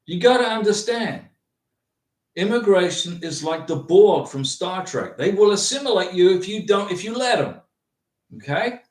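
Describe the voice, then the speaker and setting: Man, high-pitched voice, rambling livestream host, echoey room, a bit off mic. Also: moderate pace, far from the mic. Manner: rambling, animated, with restarts and chuckles. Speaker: livestream host answering viewer comments. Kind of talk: casual livestream chat. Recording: roomy echo, from off the mic.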